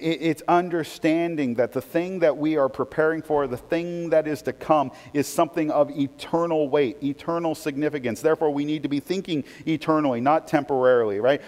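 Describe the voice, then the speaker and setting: A man preaching a sermon as pastor, shifting from quiet reflection to animated, emphatic delivery. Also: fairly high pitch, long reverb tail.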